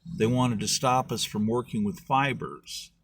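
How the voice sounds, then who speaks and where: Talk as a middle-aged man spinning a homespun history yarn for your voters. Stay husky and plain, close to the mic and dry. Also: medium pitch, measured pace, no room sound. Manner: folksy, acts out voices in his stories. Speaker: political candidate. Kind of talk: storytelling political talk.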